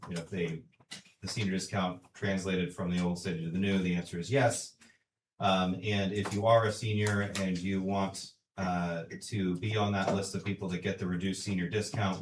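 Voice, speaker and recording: A man's voice: low-pitched, slight background noise. A man answers residents' questions at a council meeting in a matter-of-fact, dry way, with many uhs. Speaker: city management official. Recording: roomy, distant council chamber mic.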